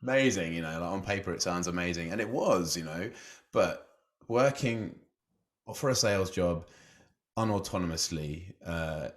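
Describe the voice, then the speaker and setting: A man's voice: sits low, animated, normal speed. A man telling his story casually as a podcast guest, chatty and self-deprecating, laughing often and leaning on "you know".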